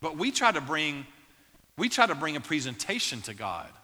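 A man delivers a sermon from the pulpit, talking directly and conversationally to his listeners. His voice is very bright and forward. It carries a long reverb tail from a large hall. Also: on the high side, normal speed. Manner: animated, playful asides early, turning quiet and earnest. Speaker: pastor.

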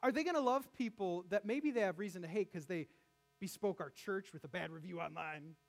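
A man preaching a sermon as pastor, animated, with jokes and asides to the congregation in a church. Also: sits high, brisk.

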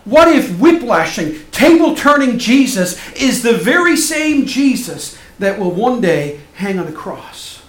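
A male pastor preaching a sermon, swinging from loud emphatic passages to soft hushed ones. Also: very high voice, sing-song, measured pace, few pauses, echoey room.

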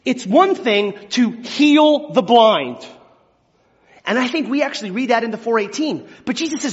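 A man with a high voice preaches a sermon. He talks animatedly, acting out scripture quotes and moving between hushed tones and shouts. The sound is dull and carries a long hall reverb. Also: moderate pace. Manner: animated, acts out biblical quotes with big swings from hushed to shouting. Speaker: pastor.

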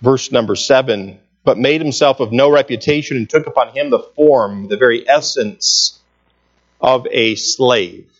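A man's voice: medium pitch, unhurried, dull audio. A man preaching a sermon, earnest and emphatic, reading scripture aloud and repeating key phrases for weight.

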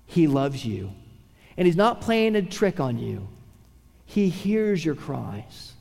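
A man preaching a sermon, swinging from a raised voice to hushed, quiet tones. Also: on the high side, big pitch swings, slow pace, gravelly, long reverb tail. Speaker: pastor.

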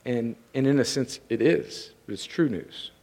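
A man preaching a sermon as pastor, intense, rising from conversational talk to impassioned, shouted pleading. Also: medium pitch, normal speed.

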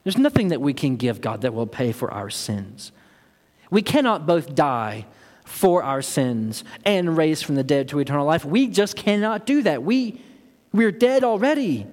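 A man's voice: a little high, sing-song, a little slow, a little mellow. A man preaching a sermon as pastor, earnest and building to impassioned emphasis. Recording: long hall reverb.

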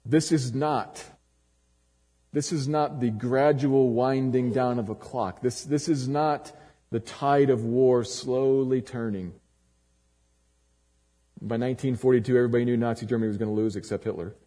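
A man's voice: fairly even intonation, normal speed. Dramatic preaching man in a reverberant hall. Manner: dramatic preaching with sharp swings from loud emphasis to low, quiet lines. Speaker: pastor. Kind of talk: sermon.

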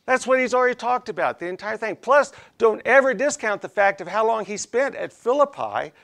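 A man's voice: high voice, animated, a little fast, gravelly, a bit bright. A man preaching an expository sermon in a folksy, conversational way, often checking in with his listeners. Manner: folksy, conversational, frequent "okay?" check-ins.

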